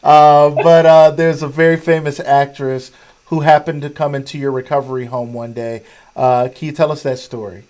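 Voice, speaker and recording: A man's voice: a little high, flat delivery, moderate pace, darkish tone. A man hosting an interview, encouraging his guest with frequent affirmations. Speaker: host.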